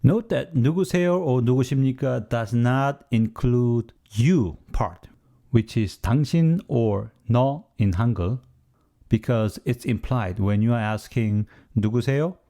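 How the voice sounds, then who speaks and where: A man's voice: medium pitch, dark tone. A man giving a scripted language lesson, explaining steadily with the odd joking aside. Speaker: language teacher.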